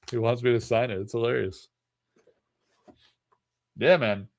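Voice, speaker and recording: A man hosting a live card break stream, chatting casually and rambling, with frequent laughs between remarks. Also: medium pitch.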